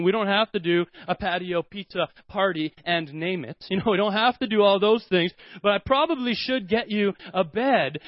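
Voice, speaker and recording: A man in his thirties preaching a sermon, telling family stories with lively acted-out voices. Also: sits high, dry recording. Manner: animated storytelling, acts out his kids' voices. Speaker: pastor. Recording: dull, slightly lo-fi dry sound.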